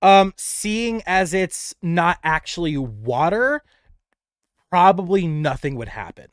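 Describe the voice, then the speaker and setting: A man's voice: high-pitched, expressive, takes it slowly, dry recording, studio quality. A man narrating a tabletop game as game master, rambling casually with lots of fillers.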